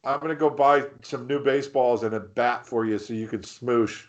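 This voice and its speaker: A man's voice: medium pitch, normal speed. A man chatting casually on a podcast, often stalling and repeating his words as he speaks. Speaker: podcast co-host. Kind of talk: casual late-night chat. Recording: dull lo-fi sound.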